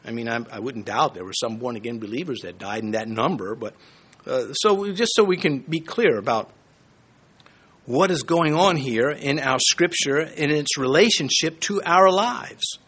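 A male pastor delivers a sermon in a bright, high voice that leaps up and down with energy. He punctuates his points with emphatic bursts and playful asides, then drops suddenly to a softer tone. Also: slightly rough. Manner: animated, emphatic, joking asides with quick swings between loud and soft.

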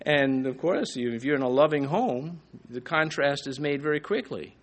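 A man preaching a sermon, reading scripture slowly with rising emphasis and dropping to a soft, low voice for asides. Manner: slows and rises in pitch on quoted scripture. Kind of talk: expository sermon.

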